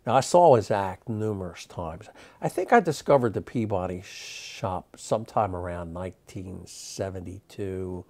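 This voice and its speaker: A man in his sixties, a magic historian, telling stories in an interview, animated and rambling with many fillers and restarts. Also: low voice, a little slow. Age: 60s. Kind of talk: interview storytelling.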